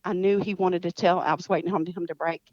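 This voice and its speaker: A woman's voice: on the low side, steady tone, quick pace, dry recording, lo-fi sound. A woman telling a story in a casual interview, rambling with restarts and acting out the dialogue she recalls. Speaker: guest, cousin of the missing woman.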